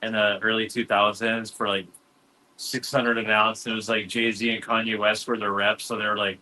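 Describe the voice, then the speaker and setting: A man's voice: fairly low pitch, flat delivery, moderate pace, pushed and bright, slight background noise, rough recording. A man in casual chat telling loose stories, full of surfer slang and "dude.". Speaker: cannabis grower, guest.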